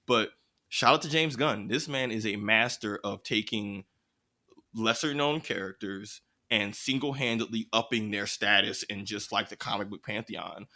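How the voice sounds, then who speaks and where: Man, podcast co-host, casual chat, bright forceful voice, slangy and animated. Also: lowish voice. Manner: animated, slangy, quick riffs with put-on quotes.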